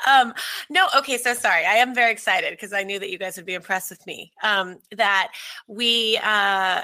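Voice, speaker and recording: Bright-voiced chatty woman co-host. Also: medium pitch, measured pace, pauses often. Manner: chatty, laughs often. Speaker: podcast co-host. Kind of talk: casual podcast chat.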